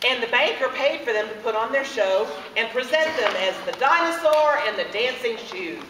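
A woman telling a made-up children's story in an expressive, sing-song way. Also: on the high side. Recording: echoey room, distant camera mic, background noise.

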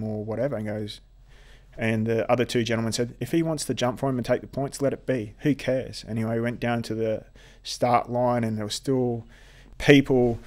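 A man speaks as a podcast guest, recounting his own story. His voice sits at an ordinary middle pitch, and he talks haltingly, often circling back and repeating words as he goes. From Australia. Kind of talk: telling a personal story in an interview.

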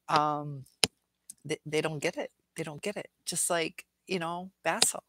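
A woman's voice: low voice, fairly even intonation, a little slow, very noisy. A middle-aged woman hosting a casual viewer Q&A livestream, earnest and rambling, reading comments aloud.

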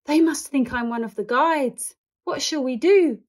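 A woman voicing a kindly, courteous older male shopkeeper in a children's storybook reading, speaking gently and a little fretfully. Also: high voice, a little slow, pitched above the performer's own voice. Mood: flustered.

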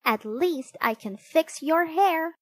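Read by a woman, a cheerful little girl with a high, lively voice, slow and eager to help, in a dry close sound. She is a storybook girl who fixes everyone's troubles. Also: no echo, heavily acted. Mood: helpful. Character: young girl, helpful and cheerful.

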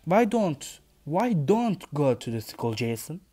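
A man's voice: fairly high pitch, very animated, takes it slowly, mellow, husky, faint music behind, full character voice. A man with a Turkish accent voicing a stern father who lectures his young son firmly in a read-aloud story. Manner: firm, lecturing.

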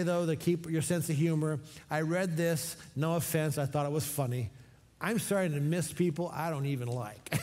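A middle-aged man preaching a sermon for an online church service, energetic and leading call-and-response. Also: a little high. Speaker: pastor. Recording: long hall reverb.

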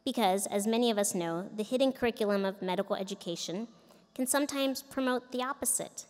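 A woman's voice: medium pitch, brisk, darkish tone. A middle-aged woman giving a commencement speech, telling a personal story earnestly from a podium microphone in a large indoor arena. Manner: earnest, storytelling with quoted voices. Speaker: commencement speaker. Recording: echoey arena from a distance.

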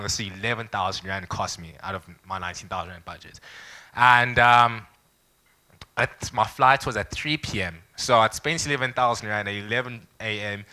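A young man from South Africa telling a lively personal story to an audience at a startup event, acting out the people he quotes. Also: lowish voice. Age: young adult. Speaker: startup founder speaker.

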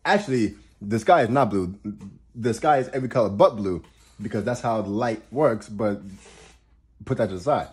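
Low mellow-voiced man, emphatic and profane. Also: lively intonation, moderate pace. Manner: emphatic, repeats and restarts words, swears for emphasis; laughs while getting worked up. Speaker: astrologer giving advice. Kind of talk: casual motivational monologue.

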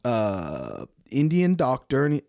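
A young adult man telling his story as a podcast guest, animated, acting out other people's lines and laughing often. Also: medium pitch, slow pace, gravelly, no room sound, studio quality. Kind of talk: casual storytelling.

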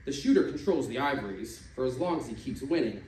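A man reading stories aloud at a live stage event, expressive and shifting voices for the figures. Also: medium pitch, brisk. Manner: expressive, changes voice for quoted figures. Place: stage venue. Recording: echoey room from a distance, faint noise.

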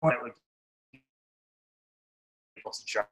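A man telling a personal story on a video call, halting and reflective, his audio distant and patchy. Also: fairly bright tone. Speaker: webinar guest speaker.

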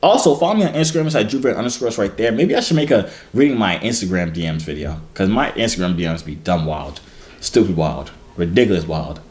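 A man's voice: sits low, lively intonation, fast, a little mellow. A man hosting a casual reaction vlog, reading fan messages with playful, slangy, teasing asides.

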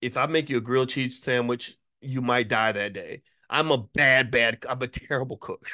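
A middle-aged man hosting his channel, telling a personal story in a casual monologue with animated delivery and frequent stammered restarts. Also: medium pitch, moderate pace. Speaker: channel host. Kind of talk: casual spoken monologue with anecdote.

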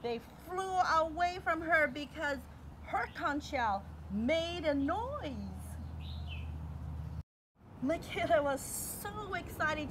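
A woman telling a story to a child, animated, acting out voices and sound effects. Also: extremely high pitch, slow. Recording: noisy home recording.

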